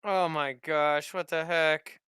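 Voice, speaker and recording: Guy freaking out in his game, high jumpy voice, crisp. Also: steady tone, slow, sharp tone, no echo. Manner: exasperated, protesting in-character outbursts. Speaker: player. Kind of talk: casual tabletop role-play.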